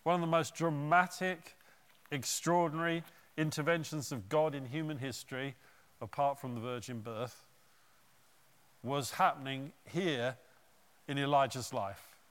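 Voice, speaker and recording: A man preaching a sermon, retelling a Bible story in an animated way with conversational asides. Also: medium pitch, measured pace, pauses often, clean tone, big-room sound.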